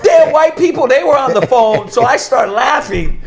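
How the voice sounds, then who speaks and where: A man preaching in a casual, animated storytelling manner, often laughing and dropping to a soft voice when quoting people. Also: very high-pitched, normal speed, vocal fry. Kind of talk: casual religious teaching.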